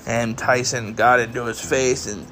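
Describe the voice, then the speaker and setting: A man's voice: mid-range voice, steady tone, a little slow, bright, forceful tone, a little hiss or hum. A man hosting a solo podcast, talking casually and rambling to his listeners, sounding tired and yawning, with some swearing. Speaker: podcast host. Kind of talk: solo wrestling review podcast.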